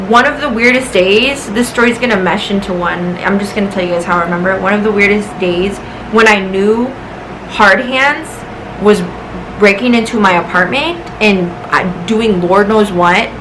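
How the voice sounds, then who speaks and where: A woman's voice: mid-range voice, moderate pace, noisy background. A tipsy young woman rambling through a casual storytime with lots of swearing. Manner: rambling, swearing, loose and chatty. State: tipsy and high. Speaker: vlogger. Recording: music playing behind her voice.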